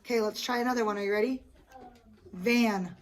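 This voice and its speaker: A woman's voice: fairly high pitch, fairly even intonation, rapid-fire. A woman teacher leading a small group of young children through a lesson, patient and encouraging, praising them often. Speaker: elementary school teacher. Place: classroom with children. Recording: noisy classroom with children's chatter.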